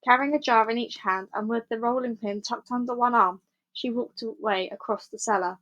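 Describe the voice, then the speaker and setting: A woman reads a children's book aloud with a clear, measured storytelling delivery. Her voice sits on the higher side. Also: fairly bright tone, dull audio. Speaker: storybook reader.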